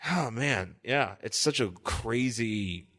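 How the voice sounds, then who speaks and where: A man's voice: mid-range voice, lively intonation, slow, creaky, a bit bright. A man co-hosting a casual podcast chat, rambling, swearing freely and stopping to search for names. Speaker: podcast co-host.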